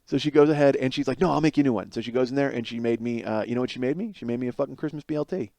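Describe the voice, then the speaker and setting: A man's voice: medium pitch, rapid-fire, creaky, a little hiss or hum. A man hosting a podcast, telling a comic story about his home life, swearing often and acting out what was said. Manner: animated, exasperated, swearing, acts out quotes. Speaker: podcast host.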